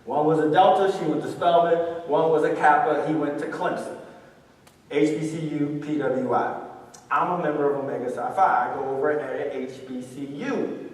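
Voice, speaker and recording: A man gives an animated motivational talk, drawing the crowd into call-and-response. His voice sits high for a man. It is recorded from far off in a big echoing hall with a long reverb. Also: normal speed. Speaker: motivational speaker. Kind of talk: live talk to a student audience. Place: large hall with audience.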